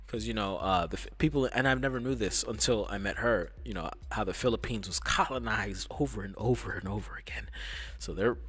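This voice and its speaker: A man streaming live, telling a casual story in a rambling, profane, animated way. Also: lowish voice, moderate pace, breathy edge, soft background music.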